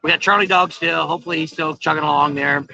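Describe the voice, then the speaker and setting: A man's voice: on the high side, fairly even intonation, fast, gravelly, sharp tone. A middle-aged man hosting a casual livestream from an outdoor patio, rambling in a folksy way with many fillers. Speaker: vlog host. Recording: dull lo-fi phone stream.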